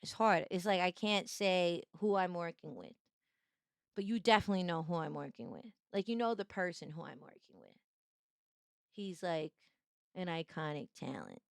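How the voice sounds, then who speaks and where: A young woman streaming casual chat, bubbly and playfully teasing, jumping up high to greet viewers. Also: lively intonation, normal speed, gravelly, no room sound, studio quality. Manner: bubbly, greets chatters with high-pitched squeals.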